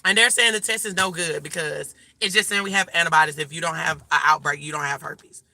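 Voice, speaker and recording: Chatty woman vlogger in a car, emphatic and direct, sharp tone with vocal fry. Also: deep voice, steady tone, fast, dry recording. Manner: emphatic, chatty, addresses viewers as y'all. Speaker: life coach vlogger. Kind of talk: casual direct-to-camera chat.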